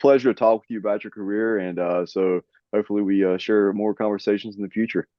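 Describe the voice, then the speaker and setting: A male interview host asking questions in a halting way with fillers. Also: lowish voice, steady tone, dry recording, muffled recording.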